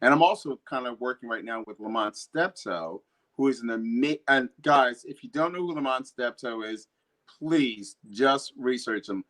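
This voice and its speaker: A man's voice: mid-range voice, lively intonation, moderate pace, fairly bright tone. A man, a poet appearing as a guest, talking earnestly and with animation in a casual conversation.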